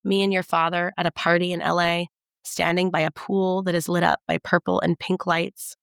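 Low gravelly woman narrating an audiobook. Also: little pitch movement, moderate pace, no echo, clean studio sound. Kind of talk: first-person audiobook narration.

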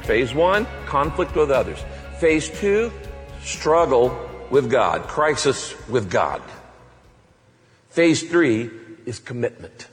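A male pastor preaching a sermon, animated, acting out passionate prayers to his congregation. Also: mid-range voice, slow, big-room sound, faint music behind.

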